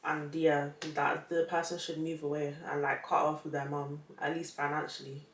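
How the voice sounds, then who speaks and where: A woman's voice: low voice, moderate pace. A young woman reads online posts aloud and chats casually, laughing often and reacting with disbelief. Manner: laughs often, animated and incredulous. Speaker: vlogger. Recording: echoey room, mic at a distance.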